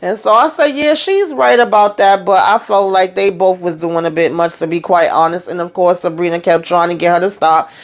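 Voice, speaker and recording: A woman's voice: fairly low pitch, moderate pace, hardly any pauses. Chatty woman recapping a TV episode. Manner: chatty, retelling scenes with quoted dialogue. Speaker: TV show recap host. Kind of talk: casual recap vlog.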